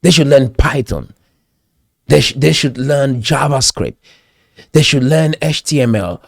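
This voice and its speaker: A man's voice: medium pitch, a little slow, vocal fry, dry recording, clean studio sound. Cameroonian man giving a preachy pep talk. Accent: Cameroonian English. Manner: preachy, exhorting, repeats phrases for emphasis. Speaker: pastor and commentator.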